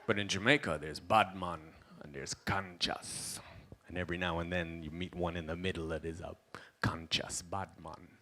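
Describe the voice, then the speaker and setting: Young stand-up comic, lowish voice, animated storytelling. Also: male voice, normal speed. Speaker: stand-up comedian. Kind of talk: stand-up comedy set.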